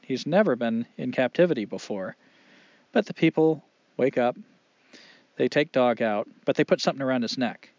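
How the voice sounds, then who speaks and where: Animated male storyteller, dry lo-fi sound. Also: mid-range voice, no echo. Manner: animated, expressive, dramatic pauses. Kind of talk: oral storytelling. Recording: dull lo-fi dry recording.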